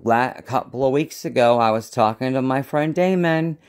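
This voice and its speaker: A man's voice: medium pitch, a little fast, clean tone. A man who works as a psychic medium, talking to camera in a rambling, casual vlog and often losing his train of thought.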